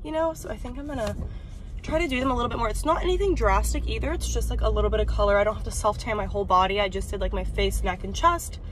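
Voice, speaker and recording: A woman's voice: a little high, a little hiss or hum. A woman in her twenties chatting casually to her camera as she runs errands, giggly and self-deprecating. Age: 20s. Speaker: vlogger. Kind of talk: casual vlog chat. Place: moving between indoors, car and street.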